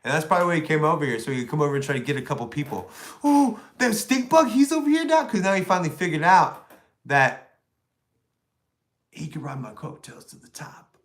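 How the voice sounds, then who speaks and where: Foul-mouthed streamer, high voice. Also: male voice, fast, long pauses, fairly bright tone. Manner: taunting, crude, rambling. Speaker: livestream host. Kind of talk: profane livestream rant.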